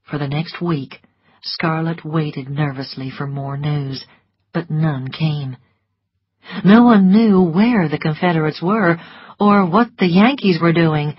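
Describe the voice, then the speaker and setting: A woman reading an audiobook in a calm, measured manner, her voice low and breathy and her pace slow. The sound is close and dry, a touch muffled. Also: no echo. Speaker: audiobook narrator. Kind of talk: scripted narration.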